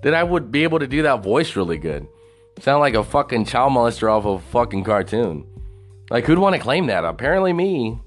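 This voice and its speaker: A man's voice: medium pitch, very animated, a little fast, faint music behind. A man hosting a podcast alone, rambling and swearing a lot, laughing at his own jokes. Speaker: podcast host. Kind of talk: casual solo podcast rant.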